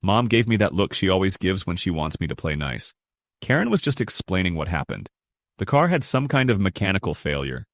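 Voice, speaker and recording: A man's voice: deep voice, sing-song, a little fast, no echo, clean studio sound. A young adult man narrating a first-person family story in a blunt, resentful tone.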